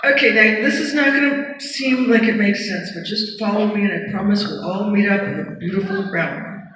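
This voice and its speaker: A woman's voice: medium pitch, moderate pace, a bit bright. A woman telling comedic stories on a theater stage, chatty and self-mocking, with casual swearing. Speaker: stage performer. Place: large theater stage before a live audience. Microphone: audience camera far from the stage. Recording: distant echoey theater audience recording. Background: audience laughter and hall noise.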